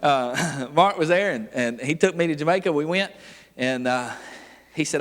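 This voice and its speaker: A man preaching a revival sermon, telling folksy stories with frequent laughs and building to loud, forceful preaching. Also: a little high, normal speed. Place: church sanctuary. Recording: long church hall reverb.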